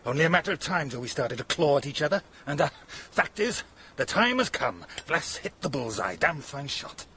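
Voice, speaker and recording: A man playing a pompous, exasperated gentleman in a radio drama, blustering and condescending. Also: a little high, very animated, moderate pace, a little hiss or hum, heavily acted.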